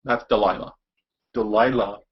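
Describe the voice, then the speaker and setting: A man's voice: lowish voice, fairly even intonation, moderate pace, husky. A young man chatting casually on a live stream, rambling and goofy, slipping into silly voices now and then. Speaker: vlogger. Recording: dull lo-fi webcam audio.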